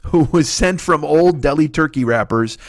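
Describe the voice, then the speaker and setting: A man's voice: fairly high pitch, moderate pace, dry recording, clean studio sound. Profane man telling a comic story. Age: 40s. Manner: profane, animated, exaggerating. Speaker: comedy podcast host. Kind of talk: comedic storytelling monologue.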